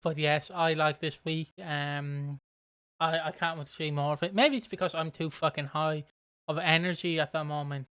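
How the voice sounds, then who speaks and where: A young British man co-hosting a casual podcast chat, excitable and rambling. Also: on the high side, normal speed, smooth, no room sound. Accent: British English. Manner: excitable, laughing, rambling lists. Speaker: podcast co-host.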